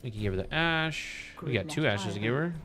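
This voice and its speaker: Playing a game live on stream, a man with an expressive, medium-pitched voice talks a little fast. His laid-back, casual chat with viewers includes upbeat, enthusiastic greetings for chat members.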